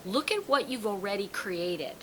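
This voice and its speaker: A rough recording with slight background noise captures a tarot teacher and reader talking casually before an audience. She speaks at a normal speed in a mid-range voice, animatedly acting out the voices of those in her anecdotes.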